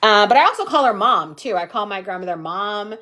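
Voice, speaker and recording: Animated woman telling a story. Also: medium pitch, a little fast. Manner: animated storytelling with quoted voices. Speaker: workshop host. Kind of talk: casual livestream chat.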